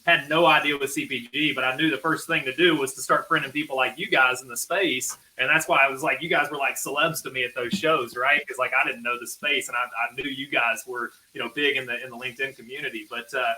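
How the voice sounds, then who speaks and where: A man from Kentucky, a sales guest, talking in an energetic, casual way on a podcast. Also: medium pitch, quick pace, few pauses, poor audio.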